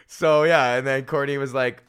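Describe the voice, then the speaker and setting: A man hosting a podcast, telling a story in a loose, profane rant and laughing often. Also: a little high. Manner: animated, laughs often, swears freely. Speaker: podcast host and comedian.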